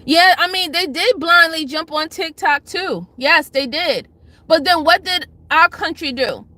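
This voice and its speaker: On her laid-back livestream, a woman whose voice is high and bright greets chatters by name, then turns to scolding and begging her audience, hammering identical points again and again. Her delivery is emphatic, expressive, and unhurried, with no room sound.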